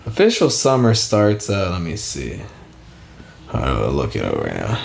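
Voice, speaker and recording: A man's voice: sits low, wildly swooping pitch, unhurried, vocal fry. A young man co-hosting a casual podcast, rambling, swearing often and laughing at himself. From Southern California. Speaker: podcast co-host. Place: small warm room. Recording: roomy echo.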